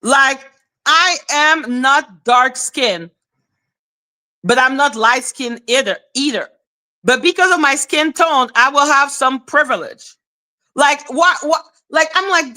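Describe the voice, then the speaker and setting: A woman with a high voice hosts a casual livestream chat, speaking slowly yet in an animated, relaxed way. She checks in with viewers by asking "okay?", laughs often and swears casually.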